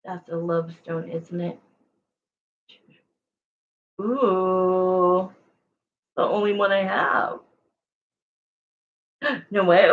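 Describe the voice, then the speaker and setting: A woman's voice: on the low side, lo-fi sound. A woman doing a casual livestream tarot reading, chatty and rambling, often stopping to correct herself while answering viewers. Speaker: tarot reader.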